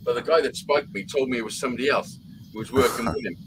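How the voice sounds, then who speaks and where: A man spinning long, rambling stories on a live chat show, cursing in nearly every sentence. His voice sits at an ordinary pitch, with faint noise behind it. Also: fast. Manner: swears constantly, rambling anecdotes. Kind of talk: casual profane storytelling.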